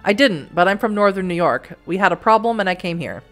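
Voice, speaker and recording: A woman's voice: mid-range voice, animated, brisk, fairly bright tone, soft background music. A woman playing a cocky, awkward young she-wolf. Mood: earnest. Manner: cheeky, coy, awkward. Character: young female werewolf, overconfident and awkward.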